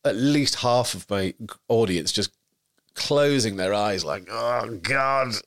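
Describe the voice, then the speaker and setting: A young man from York chats as a podcast co-host, telling stories with lively swings of pitch. His voice sits fairly low, and he slips easily into put-on voices. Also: takes it slowly. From York, England. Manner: animated, storytelling, puts on voices. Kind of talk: casual chat.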